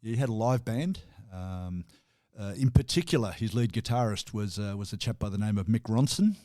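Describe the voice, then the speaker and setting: A man with an Australian accent co-hosting a relaxed music talk show, chatting easily with chuckles and restarts. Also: on the low side, normal speed, no echo, studio quality. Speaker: radio co-host. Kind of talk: casual chat.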